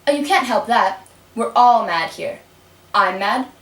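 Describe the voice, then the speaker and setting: Teasing puppet cat played by a woman, slow lower drawl, distant roomy sound. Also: animated, fairly bright tone. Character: grinning mysterious male cat, calm and teasing. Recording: roomy, mic set far off.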